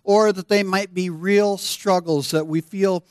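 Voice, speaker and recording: A man's voice: sits high, steady tone, measured pace, hardly any pauses, clean tone, no echo, studio quality. A man preaching a sermon as pastor, conversational and playful with his congregation.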